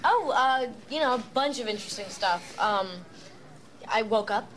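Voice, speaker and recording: A woman's voice: fairly high pitch, animated, normal speed, fairly bright tone, slight background noise. A young actress playing a bubbly, chatty young woman in a sitcom.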